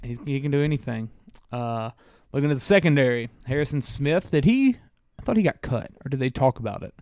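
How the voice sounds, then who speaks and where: Male podcast co-host, casual and musing, working through a roster; crisp, dry. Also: mid-range voice, lively intonation, brisk, darkish tone, no room sound. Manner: reads through a team roster, musing aloud with many "uh"s. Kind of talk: casual sports chat.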